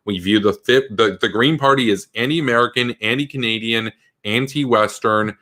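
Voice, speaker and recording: A man's voice: mid-range voice, normal speed, pushed and bright. A man giving a political commentary monologue in an emphatic, combative way, full of rhetorical questions.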